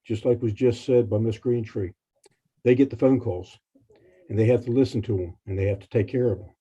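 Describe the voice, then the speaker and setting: A man's voice: medium pitch, steady tone, fairly quick, mellow, breathy edge. A man giving emotional, earnest testimony at a legislative hearing as a committee chairman. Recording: dull lo-fi hearing stream.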